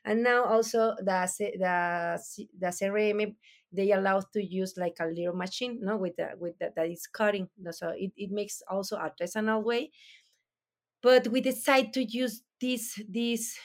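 A woman with a Mexican accent, a native Spanish speaker, explaining her production in halting English with many restarts as she searches for words. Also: medium pitch, fairly even intonation. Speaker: mezcal producer. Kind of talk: interview answers.

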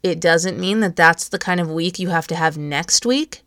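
Gentle coaching woman, low dry voice. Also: normal speed, clear, resonant tone, no echo. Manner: gentle, coaching, speaks straight to the listener. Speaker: podcast host. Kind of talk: encouraging self-help talk.

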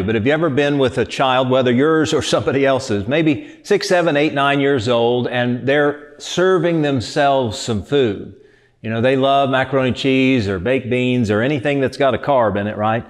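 A man's voice: mid-range voice, moderate pace. Conversational man giving a reflective talk. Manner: conversational, asks listeners rhetorical questions. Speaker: speaker.

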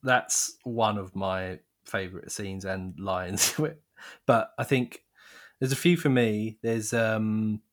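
A man's voice: lowish voice, fairly even intonation, slow pace. Laughing man co-hosting a film podcast. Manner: laughs often, easygoing. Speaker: podcast co-host. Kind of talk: casual film review chat.

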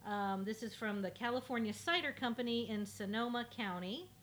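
A woman podcast co-host chatting casually, relaxed and a little hesitant. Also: on the high side, moderate pace, a little hiss or hum. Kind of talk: casual chat.

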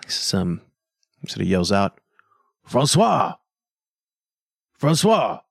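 A man narrating as game master of a tabletop game, relaxed and halting with fillers. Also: sits low, vocal fry, no room sound, studio quality.

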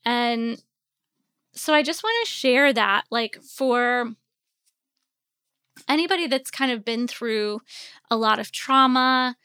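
A woman's voice: fairly high pitch, takes it slowly, pauses often, sharp tone, clear, resonant tone, no room sound, clean studio sound. A woman in her forties, a podcast host, telling a personal story in a candid, rambling way, a little sleepy and yawning. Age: 40s. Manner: candid, rambling, with many fillers.

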